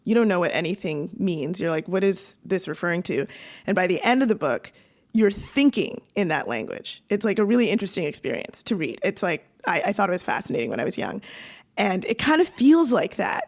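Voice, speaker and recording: Woman on a casual podcast, mid-pitch voice, rambly and animated, lots of likes. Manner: chatty, lots of "like" and restarts, animated storytelling. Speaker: podcast co-host. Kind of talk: casual conversational podcast chat.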